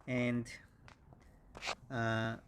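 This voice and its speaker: A man teaching English vocabulary, speaking slowly and patiently and repeating each word several times; his first language is Korean. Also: medium pitch, completely flat delivery, clean tone. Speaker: English instructor. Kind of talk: slow vocabulary lesson with repeated words.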